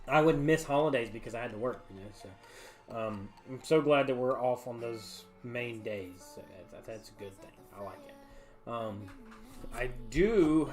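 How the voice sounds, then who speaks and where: A man, casually chatting to viewers on a livestream from his home bar room, rambling and folksy with lots of fillers. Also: medium pitch. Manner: rambling, laid-back, folksy, frequent fillers. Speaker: livestream host. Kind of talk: casual chat to a live stream. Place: home bar room with sound foam on the walls.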